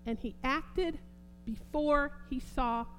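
A woman preaching a sermon, fervent and swinging from quiet talk to loud exclamations. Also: high-pitched, slow pace, slight background noise, low-quality recording.

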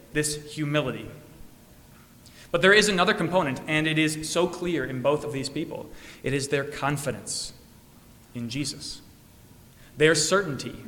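A male pastor delivering a sermon earnestly, rising to emphatic peaks and dropping to soft, low endings. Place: church. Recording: long church reverb.

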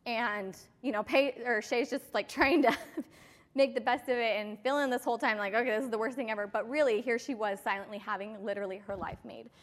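Woman team leader, higher voice, casual and chatty motivational talk, reverberant hall sound. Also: steady tone, a little fast. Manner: chatty, filler-heavy storytelling. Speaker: team leader speaking to her sales team.

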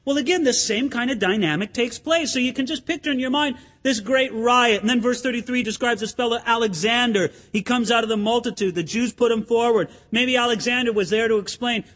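A man with a strikingly high voice preaches a sermon. He keeps the congregation with him through emphatic rhetorical questions, and now and then he acts out the chants and the words of a crowd. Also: brisk, fairly bright tone. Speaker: pastor.

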